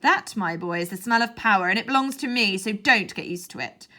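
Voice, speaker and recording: A woman's voice: medium pitch, lively intonation, brisk, bright, forceful tone. A woman playing an icy, sarcastic schemer. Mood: menacing. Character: cold, scheming grown woman politician.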